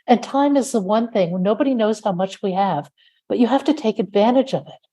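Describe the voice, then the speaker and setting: Mellow-voiced woman hosting a podcast. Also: mid-range voice, brisk. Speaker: podcast host. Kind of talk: casual interview chat.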